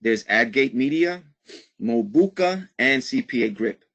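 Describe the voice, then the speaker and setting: A man's voice: mid-range voice, lively intonation, measured pace, fairly bright tone, lo-fi sound. A man teaching a live online marketing webinar in an upbeat way, checking in with "okay?" after almost every phrase.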